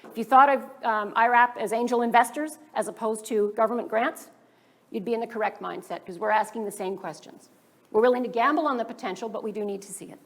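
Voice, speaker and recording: A woman giving a workshop presentation to startup founders as a government funding advisor, briskly posing rhetorical questions to the audience. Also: on the high side. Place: business school event room.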